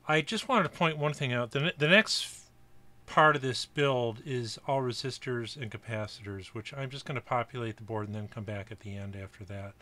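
Middle-aged american guy from buffalo, bright kinda forward voice, easygoing rambly workbench talk. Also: mid-range voice, moderate pace. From Buffalo, New York area, US. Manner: chatty, rambling asides with fillers. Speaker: kit-building hobbyist. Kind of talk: casual workbench narration.

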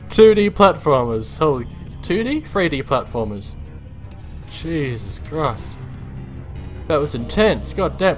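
A man narrates his game run for viewers in an excitable, unfiltered way, dropping to low mutters and then leaping into high shrieks when something startles him. He swears often and talks to himself as he plays. Quiet music sits faintly in the background. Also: a little slow, pauses often. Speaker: gameplay commentator. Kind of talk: let's-play commentary.

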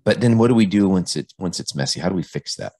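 Middle-aged guy with a really low deep voice, earnest podcast guest, trips over a few words to start. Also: animated, fast, mellow, breathy edge. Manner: earnest, repeats words when starting phrases. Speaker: podcast guest, police officer. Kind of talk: earnest conversational interview.

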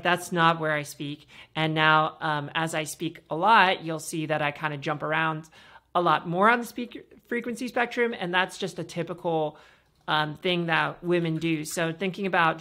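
A woman hosting a podcast, explaining voice practice in a casual, instructive way with many fillers and a pitch that moves up and down. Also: bright, forceful tone. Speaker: podcast host and voice coach.

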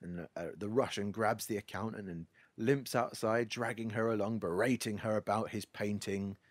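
A man's voice: fairly low pitch, fairly even intonation, moderate pace, no echo. A man hosting a podcast, wryly recapping a film plot in a casual, storytelling way. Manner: wry, storytelling. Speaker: podcast host.

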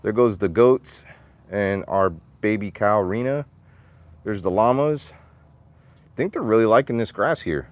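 Farm vlogger, male, animated and chatty outdoors, a very lively pitch, dry close sound, slightly winded. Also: unhurried, no room sound. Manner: chatty and animated, calling to his animals in a high voice. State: out of breath. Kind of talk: casual livestream vlog.

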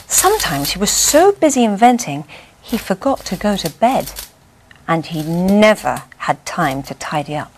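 A woman reading a bedtime story aloud in a gentle, expressive way. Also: fairly low pitch.

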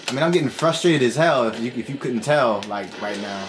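A man's voice: medium pitch, quick pace, few pauses. A man giving casual gameplay commentary, frustrated and swearing constantly. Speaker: let's play gamer. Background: game music.

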